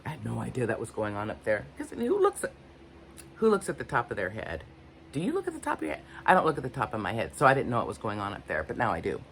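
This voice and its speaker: Older woman, low voice, unscripted self-reflective vlog talk, meandering and frank. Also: huge pitch swings, fast, a little hiss or hum. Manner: candid, rambling, searching for words. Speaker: vlogger. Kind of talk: unscripted personal talk to camera.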